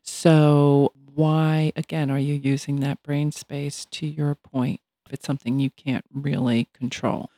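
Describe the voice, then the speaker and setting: Older lady in her 60s musing on life, gravelly mellow voice, dry close mic. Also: low voice, flat delivery, a little slow, hardly any pauses, dry recording. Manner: reflective, thoughtful. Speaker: podcast co-host. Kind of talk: casual chat.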